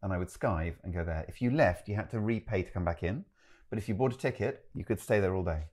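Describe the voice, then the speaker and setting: A middle-aged man talks in a relaxed, chatty way, running several threads at once and restarting his sentences. His voice sits on the low side. He is self-deprecating about his own habits. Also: quick pace. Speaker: choreographer, interview guest. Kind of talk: relaxed interview chat.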